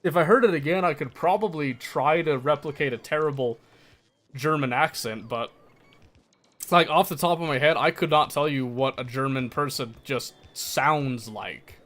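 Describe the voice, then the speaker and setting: A man's voice: fairly high pitch, moderate pace, fairly bright tone. A young American man chatting casually on a livestream, laughing often and answering chat. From United States.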